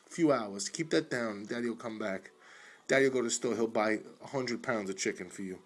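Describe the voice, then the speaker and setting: A man with a fairly low voice speaks to his ailing dog at home. His talk is tender and coaxing, full of pet baby talk, and often sinks to a soft murmur. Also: lively intonation, fairly quick, breathy edge, faint music behind. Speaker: dog owner filming his sick pet. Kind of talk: casual home video talking to a dog. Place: at home indoors.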